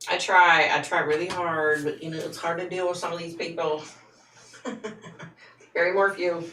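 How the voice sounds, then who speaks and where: A woman's voice: fairly low pitch, flat delivery, unhurried, pauses often, sharp tone, far from the mic. A woman who is a psychic, hosting a casual live stream and answering viewer comments frankly, laughing often. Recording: echoey room, voice away from the mic.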